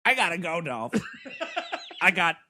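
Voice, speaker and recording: A man's voice: on the high side, very animated, slow pace, pushed and bright, slight background noise, exaggerated voice. A man voicing a bitter middle-aged male prop comic who talks in a sulky, sarcastic way.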